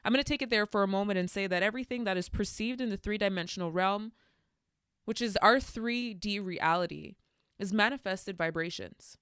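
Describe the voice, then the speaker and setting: Young woman doing a solo podcast, smooth clear voice, dry close sound, candid and chatty. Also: medium pitch, brisk, dry recording. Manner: candid, animated storytelling with spiritual musings. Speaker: podcast host. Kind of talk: reflective solo podcast monologue.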